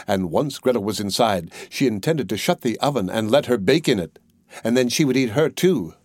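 A man's voice: mid-range voice, expressive, a little fast, darkish tone, no echo, clean studio sound. Man reading a fairy tale aloud. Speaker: narrator. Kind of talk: storybook reading.

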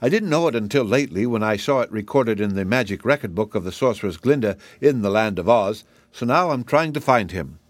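A man voicing a gentle, unflustered shaggy wandering man with a kindly, solemn manner in an audiobook. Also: lowish voice, expressive, brisk, few pauses, no echo. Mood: sad. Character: calm, cheerful, whimsical shaggy wanderer man. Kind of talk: audiobook character voice.

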